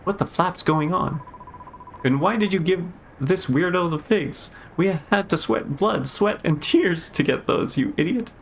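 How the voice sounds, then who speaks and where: A man voicing a bubbly, bossy little fairy girl in a high, chirpy voice while reading game dialogue aloud. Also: measured pace, vocal fry, slight background noise. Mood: indignant.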